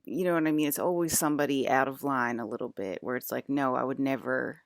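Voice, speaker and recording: A woman's voice: very deep voice, lively intonation, fast, no room sound, studio quality. A young adult woman rambling through a profane, agitated vlog monologue about her dreams, full of fillers and restarts. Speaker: vlogger.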